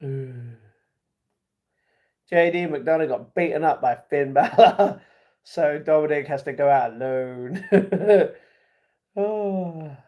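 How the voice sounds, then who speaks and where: A man's voice: a little high, slow pace, pauses often, dark tone. A man from the United Kingdom hosting a casual livestream, reading viewer comments aloud and reacting to them. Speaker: livestream host.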